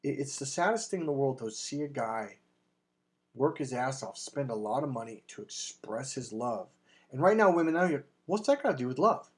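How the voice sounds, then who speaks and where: A man's voice: medium pitch, animated, moderate pace, breathy edge. A man talking as a dating coach, delivering an emphatic, blunt sales monologue with casual swearing. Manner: acts out quoted voices in anecdotes.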